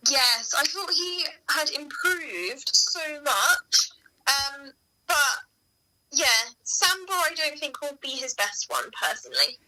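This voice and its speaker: A woman in a casual chat as co-host, reacting with giggles and animated exclamations. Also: high voice, slow, poor audio.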